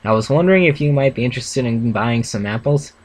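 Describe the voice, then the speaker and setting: A man's voice: mid-range voice, animated, fast talker, close to an everyday voice. A man voicing a humble country stallion in a storybook reading, polite and hopeful. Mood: earnest.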